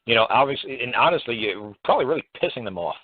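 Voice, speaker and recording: A man's voice: medium pitch, lively intonation, rapid-fire, husky, no echo. Man, radio host, casual rambling talk, repeats himself, dry narrow phone-line sound. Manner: plainspoken and rambling, stumbles and repeats words.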